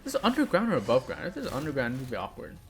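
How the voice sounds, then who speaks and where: A man's voice: medium pitch, wildly swooping pitch, very fast, soft background music. A young man playing a video game, reading the characters' lines aloud with light voicing and breaking off into laughs and puzzled asides. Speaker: gamer. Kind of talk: let's play commentary, reading game dialogue aloud.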